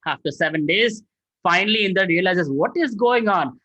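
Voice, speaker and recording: Animated male scripture storyteller. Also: high-pitched, normal speed, no echo, low-quality recording. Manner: animated, dramatizing, frequent "right?". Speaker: spiritual teacher.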